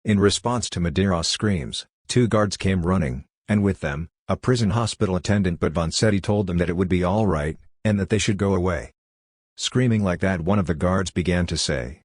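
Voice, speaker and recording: A man narrating an audiobook in a measured, even reading style. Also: sits low, no room sound, studio quality. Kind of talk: scripted narration.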